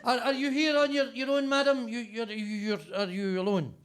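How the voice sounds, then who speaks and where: A man doing stand-up crowd work in a basement club, brash and foul-mouthed as he teases the people in front of him. His voice sits high for a man. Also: little pitch movement, normal speed, fairly bright tone, clear, resonant tone. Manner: brash, swearing, teasing the audience. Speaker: stand-up comedian.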